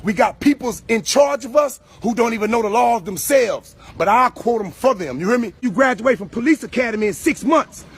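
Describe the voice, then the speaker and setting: A man's voice: extremely high pitch, expressive, brisk, few pauses, breathy edge. A man speaking emphatically in a confrontational monologue, repeatedly pressing his point. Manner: emphatic, repeats "you hear me".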